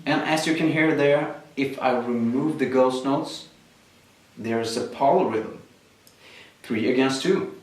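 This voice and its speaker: A man's voice: mid-range voice, takes it slowly. A man teaching a drum lesson, explaining exercises step by step with frequent fillers. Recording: echoey room, mic at a distance. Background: drums played between explanations.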